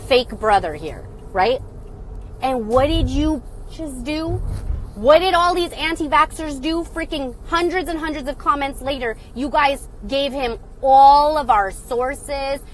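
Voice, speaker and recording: A woman streaming live from her phone, fired up and angry, with a voice pitched a little high. She rants in a blunt, sarcastic way and swears freely. Faint traffic hums in the background. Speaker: livestream host. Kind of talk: angry livestream rant.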